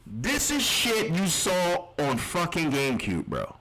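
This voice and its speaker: A man's voice: fairly high pitch, huge pitch swings, slow pace, sharp tone, rough recording. A man streaming live reactions, ranting in an exasperated, heavily profane way.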